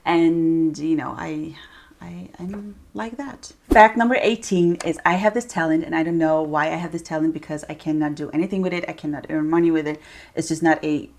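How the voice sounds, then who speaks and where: Chatty, animated young woman vlogger. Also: low voice, brisk. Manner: chatty and animated, with playful asides. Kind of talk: casual talk to camera.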